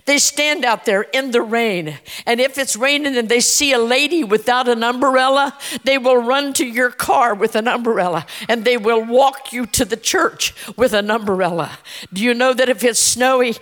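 A woman's voice: fairly high pitch, a bit bright. A woman preaching a folksy, emphatic sermon in a church, with many "uh" restarts. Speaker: church speaker. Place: church sanctuary. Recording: echoey church hall.

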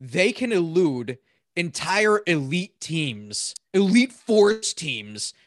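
A man's voice: on the high side, slow pace, dry recording, studio quality. A man co-hosting a podcast, rambling and joking through a casual movie review with lots of fillers and restarts. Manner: jokey and animated. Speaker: podcast co-host.

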